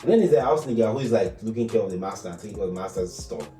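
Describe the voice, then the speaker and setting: A low-voiced Nigerian man chatting on a podcast, mellow and unhurried in tone. He sits back from the mic in a roomy space, with music running faintly underneath. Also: recorded from a distance. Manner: relaxed, musing, quick filler agreements. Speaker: podcast co-host. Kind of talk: casual podcast chat.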